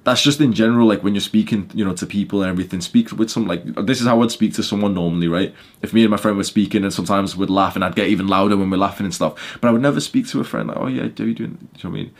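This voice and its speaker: A young man with a low voice gives a casual motivational talk on his podcast. He is blunt and swears freely, leaning on fillers, and his volume climbs when he drives a point home. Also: rapid-fire, hardly any pauses. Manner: blunt, swearing, many fillers, gets loud. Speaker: podcast host.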